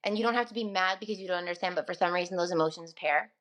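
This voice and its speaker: A woman's voice: fairly low pitch, racing, fairly bright tone. A young woman, a radio host, talking casually and earnestly on a podcast. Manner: chatty, earnest, laughs often.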